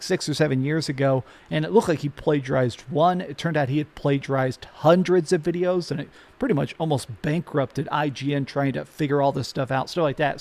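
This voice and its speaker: Kinda high guy, gravelly, rambling and umming through casual commentary. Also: darkish tone. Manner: hesitant, rambling, many fillers.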